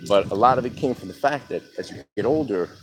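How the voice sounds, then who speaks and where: A man telling his own life story in a frank, halting way, pausing often with ums. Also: fairly low pitch, lively intonation. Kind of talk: candid personal monologue. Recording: outdoor traffic noise behind.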